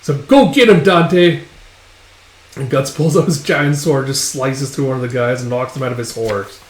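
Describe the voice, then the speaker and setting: A comics commentator gives a relaxed page-by-page recap, padding his retelling with fillers. He speaks fairly quickly in a steady, medium-pitched tone, and the echoey room adds slight background noise.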